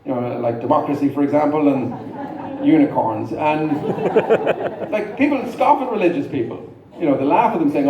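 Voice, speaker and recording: In a large live venue, a middle-aged man does stand-up comedy with a dry, self-deprecating style and rambling asides while the audience laughs. His voice is on the high side and animated at a moderate pace. The echoey hall and distant mic make the noisy recording sound dull.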